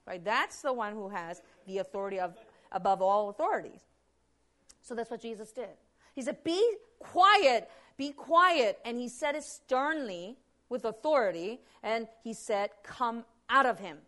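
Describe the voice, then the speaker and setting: A woman preaching a sermon with a fairly high voice. Her delivery is animated and emphatic, with frequent restarts. She acts out quotes as she explains.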